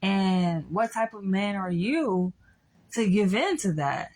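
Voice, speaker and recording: A woman's voice: medium pitch, lively intonation, takes it slowly, darkish tone. A young adult woman giving a blunt, candid monologue to her audience, swearing freely as she states her opinions. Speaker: vlogger.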